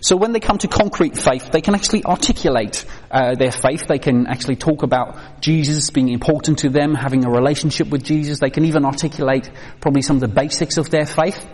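In a reverberant hall, a man gives a live training talk on children's faith, speaking quickly with few pauses in a slightly high, slightly mellow voice. His style is conversational, full of fillers and questions to the audience.

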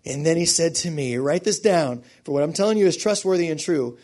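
Fervent male pastor with a slightly raised pitch, preaching with swings from quiet intimacy to loud fervor. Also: lively intonation, fairly quick. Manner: impassioned, building from hushed to loud. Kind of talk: sermon.

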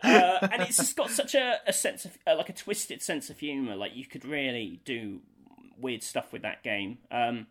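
A man in casual chat, telling an animated story with many fillers and frequent laughter. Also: medium pitch, moderate pace.

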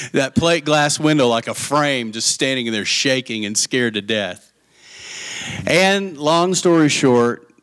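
A man's voice: mid-range voice, fairly bright tone. A man from Texas, preaching a sermon in a folksy, chatty style and telling a boyhood story with questions to his listeners.

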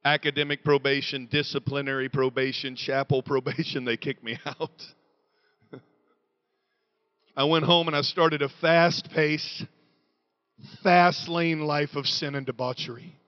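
A middle-aged man preaching a sermon in a church, moving between quiet confession and loud shouting. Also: fairly high pitch, steady tone, measured pace, long pauses, dull audio.

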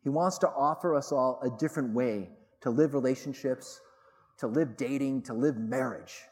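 A middle-aged man, a theologian, gives a public talk to a live audience, telling stories with animated delivery and emphatic repetition. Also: medium pitch, moderate pace. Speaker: theologian and speaker. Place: large hall with audience. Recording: long reverb in a large hall.

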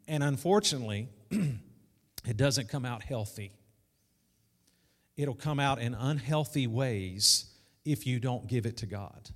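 A man's voice: mid-range voice, lively intonation, slow pace, pauses often. A man preaching a sermon as pastor, conversational, repeating key lines and calling out to the congregation. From South Arkansas. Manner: conversational preaching with repetition and call-outs. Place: church sanctuary. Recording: echoey church hall.

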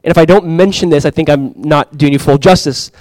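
A male pastor preaching with a slightly raised pitch and an eager, conversational delivery. He keeps restarting phrases and dropping in casual fillers as he explains scripture. The sound is close and dry, with little room around it. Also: fairly quick, darkish tone, no room sound, poor audio. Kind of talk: sermon.

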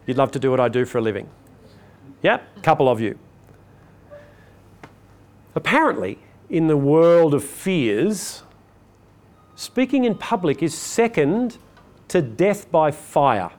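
A man's voice: on the high side, big pitch swings, measured pace, long pauses. An older man, a public speaking coach, giving a chatty motivational talk to a live audience and asking it questions.

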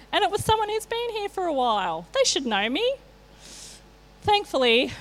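A woman's voice: a little high, a bit bright. A middle-aged woman giving a sermon, telling candid personal stories with self-mocking asides. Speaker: church speaker.

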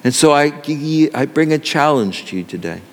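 A man's voice: mid-range voice, animated, moderate pace, in a large hall. A male pastor delivering an earnest sermon that builds in intensity.

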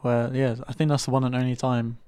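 Fast-talking teasing podcast co-host, man. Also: mid-range voice, level tone, darkish tone, clean tone, dry recording. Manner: teasing, dry banter. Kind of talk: casual chat.

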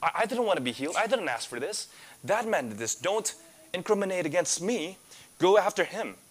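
A preacher acting out a defensive man who insists none of it was his doing, his voice pushed up high and loud. He protests and points the finger at someone else, as an acted quote inside a sermon. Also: sing-song, brisk. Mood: indignant. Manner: indignant, protesting. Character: defensive healed man shifting blame.

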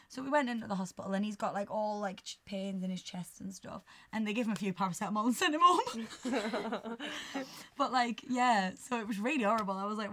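A young woman telling a story on a podcast, animated and swearing, often breaking into laughter. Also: medium pitch, fast talker. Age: young adult. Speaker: podcast co-host. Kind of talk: casual chat, storytelling.

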